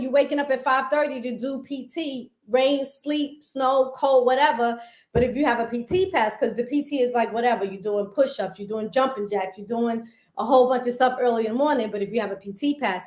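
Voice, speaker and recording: A woman's voice: fairly high pitch, fairly quick, roomy sound. A young woman guest telling her story in a casual interview. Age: young adult. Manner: animated, retelling prison routines.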